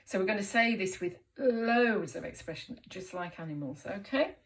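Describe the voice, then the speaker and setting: A woman teaching a reading lesson to young children, encouraging and clear, making animal noises along the way. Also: medium pitch, expressive, normal speed, a little hiss or hum. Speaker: primary school teacher.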